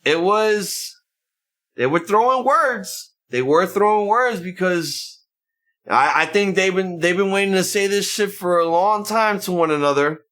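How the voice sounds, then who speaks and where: A man co-hosting a casual banter podcast with a bright, forceful tone. His pitch swings widely as he rants and slips into mock voices for quotes. He swears often and keeps things loose. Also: a little slow. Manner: animated, profane, acts out quotes in exaggerated voices. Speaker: podcast co-host.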